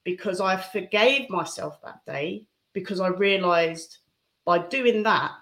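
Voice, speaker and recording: A woman's voice: on the low side, slow pace. Candid woman sharing her story. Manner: candid and reflective, with soft laughs. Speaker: interview guest. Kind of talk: personal testimony in conversation.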